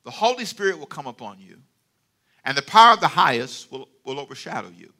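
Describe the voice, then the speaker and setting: A man preaching a sermon with animated call-and-response and playful asides to the congregation. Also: on the high side, brisk. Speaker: pastor.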